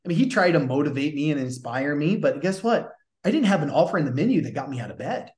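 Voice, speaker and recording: A man's voice: fairly high pitch, lively intonation, fast, darkish tone, reverberant. A man with a Southern accent, a gym business coach hosting a show, talking in a punchy, pushy way and swearing casually. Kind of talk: energetic coaching talk.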